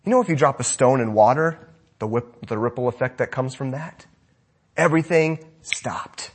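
Husky man preaching with passion. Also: mid-range voice, normal speed. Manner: impassioned preaching, swinging between loud and hushed. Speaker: pastor. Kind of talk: sermon.

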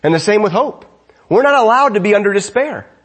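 A man's voice: high-pitched, expressive, fairly quick. A man preaching a sermon as pastor, conversational, often asking his congregation rhetorical questions.

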